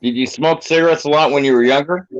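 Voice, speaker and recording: A man's voice: a little high, fast, dry recording, soft background music. A man in his fifties calling in, telling crude joking stories with lots of swearing. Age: 50s. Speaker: caller. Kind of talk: casual profane chat. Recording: dull dry call line.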